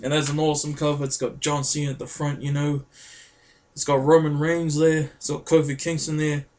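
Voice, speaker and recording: A man vlogging to camera, telling a story excitedly and rambling, often calling his viewers guys. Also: on the high side, fairly quick.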